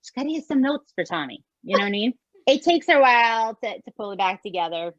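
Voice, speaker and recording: A woman co-hosting a podcast, chatting in an expressive way and often asking "right?". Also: a little high, quick pace, no echo, dull audio. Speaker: podcast co-host. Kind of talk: casual chat recapping a show.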